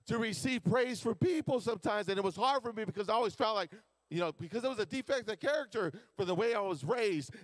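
A man preaching in a conversational, animated way, slipping into little acted-out quotes of his own thoughts. His voice sits a touch high for a man. The sound is dry and close. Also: no echo. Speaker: pastor. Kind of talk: sermon. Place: church sanctuary.

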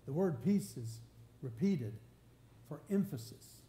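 Pastor preaching in a roomy church. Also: male voice, on the high side, expressive, moderate pace, mellow. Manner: earnest, conversational preaching with rising emphasis and repeated restarts. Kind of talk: sermon. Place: church sanctuary. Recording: roomy church live stream with faint hum.

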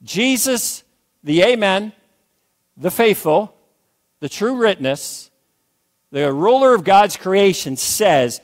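A man's voice: sits high, expressive, takes it slowly, long pauses. An older man preaching a sermon as pastor, emphatic, repeating phrases and calling for amens.

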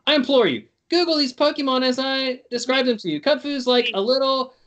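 A man's voice: extremely high pitch, brisk, fairly bright tone. A young man co-hosting a podcast, chatting in a playful, jokey, rambling way. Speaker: podcast co-host. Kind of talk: casual chat.

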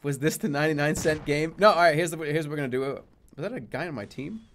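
A man streaming a video game, reacting loudly, swearing and laughing at what happens on screen. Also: a little high, fast, a little hiss or hum. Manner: loud, exasperated, swearing and laughing. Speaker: streamer playing video games. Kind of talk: gaming commentary.

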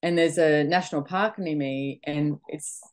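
Low-voiced middle-aged woman from australia, chatty and animated, talking to an audience about her body. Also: unhurried. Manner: chatty, animated, full of quoted self-talk. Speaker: podcast host. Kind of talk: motivational talk to an audience.

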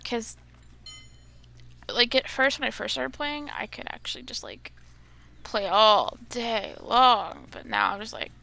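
A woman's voice: fairly high pitch, lively intonation, unhurried, vocal fry, pauses often, sharp tone. A young woman chatting casually while playing a game at home, grumbling and easily exasperated. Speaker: gamer. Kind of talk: casual gameplay commentary.

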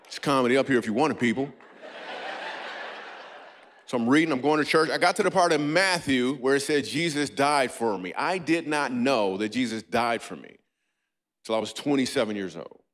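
A man's voice: animated, moderate pace, fairly bright tone. A man doing a stand-up comedy set on a church stage, riffing playfully with a live audience. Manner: playful, riffing with the audience, breaks into squeaky and goofy voices.

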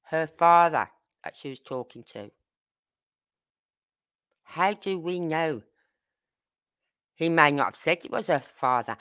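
Brummie woman doing a true crime live, blunt and fed up, low voice but sharp edge. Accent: Brummie (Birmingham). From Birmingham, England. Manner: blunt, indignant, talks straight to viewers. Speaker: true crime channel host. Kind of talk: casual livestream chat.

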